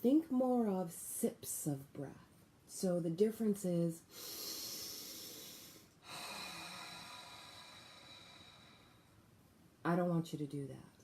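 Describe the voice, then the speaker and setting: A woman leads a guided breathing lesson in a calm, deliberate way. Her voice sits fairly low and sounds deeply mellow and warm. She speaks at an unhurried pace. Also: a little hiss or hum. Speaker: breathwork teacher.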